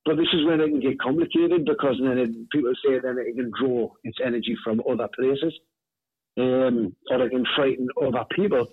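A man tells a ghost story, his husky voice coming down a thin, tinny phone line with no room sound around it. He talks in an animated way, stumbling over and repeating words as he gets into it. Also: mid-range voice, fairly quick, no echo. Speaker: author and paranormal investigator, guest. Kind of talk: conversational storytelling.

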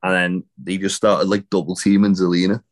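Deep-voiced male co-host, loose rambling recap delivery with frequent swearing. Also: flat delivery, brisk. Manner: rambling, swears casually, many fillers. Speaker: podcast co-host. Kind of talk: casual wrestling recap chat.

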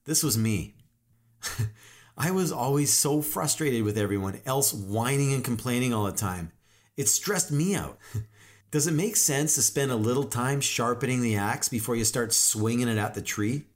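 A man's voice: mid-range voice, lively intonation, moderate pace. A man coaching real estate agents in a motivational monologue, firing off emphatic rhetorical questions.

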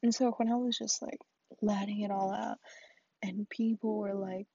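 A woman's voice: mid-range voice, fairly even intonation, normal speed, mellow, breathy edge, no room sound, muffled recording. A young woman venting in a solo vlog, rambling with lots of fillers and often dropping to a whisper. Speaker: vlogger. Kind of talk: solo confessional vent.

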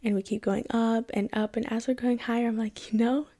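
A woman's voice: a little high, fairly quick. A young woman from Kenya telling a personal story in a casual vlog, acting out the voices of the people she quotes. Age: young adult. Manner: animated, acts out quoted voices. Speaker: vlogger.

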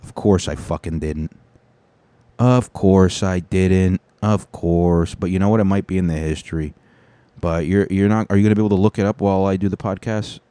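A man's voice: low voice, steady tone, fast, mellow, no room sound. A man hosting a podcast in casual, rambling, profane chat full of jokes. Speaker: podcast host.

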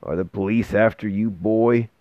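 A man voicing a gruff, grumbling old male bookseller who speaks slowly and with disapproval, recorded with a dull, dry sound. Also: on the low side, dry recording, close to an everyday voice.

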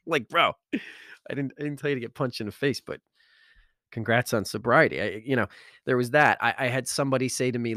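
A man's voice: mid-range voice, brisk, dry recording. Emotional storytelling man, dry sound. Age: adult, father of school-age kids. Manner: animated, repeats words when moved, laughs often. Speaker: self-help author and speaker.

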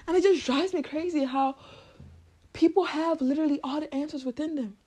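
Blunt, high-voiced woman podcast host. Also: a little fast. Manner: blunt and profane, animated, laughing. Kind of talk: motivational rant.

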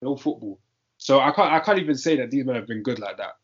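A man's voice: mid-range voice, expressive, fast, slightly rough. A young man, chatting casually about football in a slangy, emphatic way and repeating his points. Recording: dull lo-fi audio.

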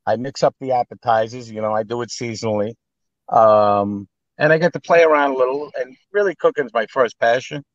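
A man's voice: medium pitch, a little fast, no room sound, muffled recording. A man with a New York accent, a guest telling stories casually, blunt and full of swearing. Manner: blunt, profane, animated storyteller. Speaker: guest, actor and private chef. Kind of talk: casual storytelling.

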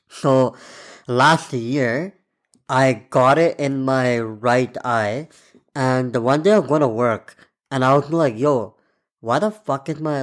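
Guy in his 20s, rambling podcast story, swears a lot, mid-pitched voice. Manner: loose, profane and rambling, full of fillers. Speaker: podcast host. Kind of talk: casual storytelling monologue.

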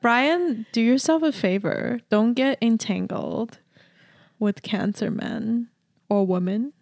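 A woman in her twenties co-hosts a podcast, speaking slowly in a playful valley girl drawl. Her voice sits a little high, and the sound is dry and close. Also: a little mellow, no echo. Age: 20s. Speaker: podcast co-host. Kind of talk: casual chat.

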